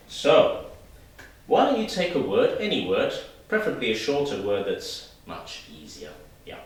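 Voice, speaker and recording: Lively man teaching in an echoey room. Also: mid-range voice, unhurried, recorded from a distance. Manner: lively, demonstrative, talks to viewers directly. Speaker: English teacher. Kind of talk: video lesson.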